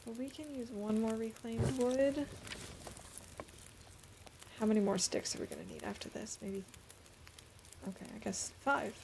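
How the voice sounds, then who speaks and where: A woman's voice: on the high side, a little slow, gravelly, long pauses, background noise. A woman streamer giving casual, chatty commentary while playing a game, thinking aloud as she goes.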